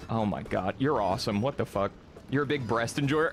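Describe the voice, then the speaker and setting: A man's voice: medium pitch, animated, unhurried, soft background music. A young man chatting casually on a live stream, reading chat, rambling, laughing often and swearing freely.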